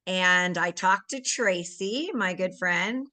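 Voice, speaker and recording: Woman, bright voice, earnest, emotional, personal testimonial, video call. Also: on the low side, takes it slowly. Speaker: guest giving a testimonial.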